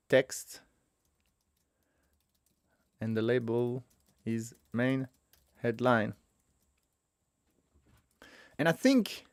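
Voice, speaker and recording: A man's voice: mid-range voice, dry recording, clean studio sound. A man teaching a casual coding walkthrough, thinking aloud as he works, correcting himself and chuckling at his own mistakes. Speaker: web developer teaching a coding tutorial.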